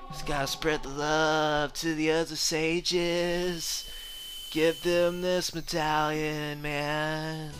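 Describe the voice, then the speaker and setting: A laid-back hippie forest sage from a video game drawls out every word very slowly, calling everyone "man", as an Australian man puts her on. The mellow delivery is gentle and unhurried, with the Australian accent under it. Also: on the high side, flat delivery, over music, voice pushed up.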